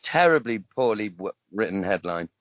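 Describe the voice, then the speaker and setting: A man's voice: on the low side, very animated, moderate pace, no echo, muffled recording. A man hosting a podcast, reading news stories aloud and often breaking into laughter mid-sentence. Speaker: podcast host.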